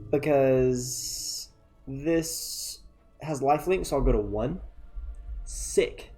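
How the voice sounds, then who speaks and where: A man's voice: medium pitch, expressive, extremely slow, a little mellow, faint music behind. A man casually commenting on his own card game as he plays, thinking aloud and joking at himself, tired and yawning at times. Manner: chatty, self-mocking, thinks aloud. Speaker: gameplay commentator.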